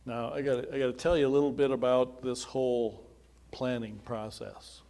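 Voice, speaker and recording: A man's voice: medium pitch, steady tone, moderate pace, mellow. A middle-aged man, a pastor, welcoming people to a simple memorial service in a chatty, folksy storytelling way. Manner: chatty, folksy storytelling with quoted dialogue and asides.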